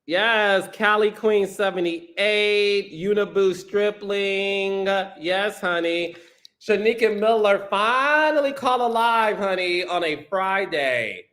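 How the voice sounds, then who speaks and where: Sassy bright-voiced male host. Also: high-pitched, slow. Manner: sassy and playful, calling people honey and child. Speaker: podcast host. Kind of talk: live-stream chat, reading viewer comments.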